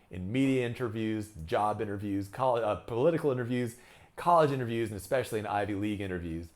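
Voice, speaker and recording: A man's voice: on the low side, darkish tone. A man coaching speech delivery in a lesson, acting out example sentences with shifting emphasis. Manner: demonstrates lines with varied emphasis. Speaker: speaking coach. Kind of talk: instructional lesson.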